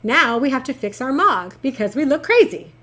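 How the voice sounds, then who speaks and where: Bubbly middle-aged lady streaming games, high voice, chatty and sweet to chat. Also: normal speed. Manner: chatty, animated, talks to chat affectionately. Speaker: game streamer. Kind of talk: casual chat while gaming.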